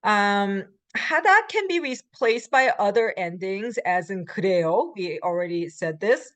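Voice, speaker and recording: Woman teaching grammar, unhurried, filler-heavy. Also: medium pitch, expressive, a bit bright, no echo. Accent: American English. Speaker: Korean language instructor. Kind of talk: recorded grammar lecture.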